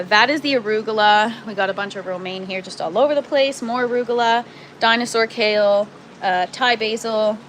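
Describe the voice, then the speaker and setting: A Canadian woman casually hosts a gardening livestream from an indoor grow tent, chatting in a self-deprecating way and reading out and answering viewer comments. Her voice is medium-pitched and fairly bright, and the rough recording has a little hiss or hum.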